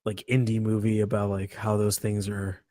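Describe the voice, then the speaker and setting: A man's voice: on the low side, completely flat delivery, moderate pace, dark tone, no echo. Joking, rambling podcast co-host man. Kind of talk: casual chat.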